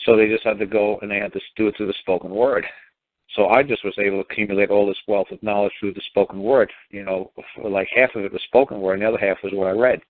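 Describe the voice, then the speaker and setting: A man's voice: fairly low pitch, steady tone, fast, no room sound. A man talking in a rambling, casual monologue, full of fillers and restarts, as a talk show host. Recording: tinny phone line.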